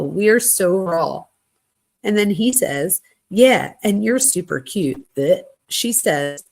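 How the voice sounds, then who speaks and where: A woman hosting a true crime channel, reading text messages aloud in a plain conversational voice with quick asides. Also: medium pitch.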